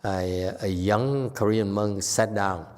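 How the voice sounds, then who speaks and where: A man giving an informal Buddhist dharma lecture, talking conversationally with animated bursts and frequent restarts. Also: on the low side, slow pace, smooth. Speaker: Buddhist teacher. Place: temple lecture hall. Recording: long hall reverb.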